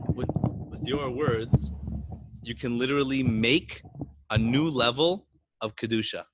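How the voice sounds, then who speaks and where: A man's voice: mid-range voice, breathy edge. A man co-hosting a podcast, casually chatting and telling a story with lots of animation and frequent laughter. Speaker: podcast co-host.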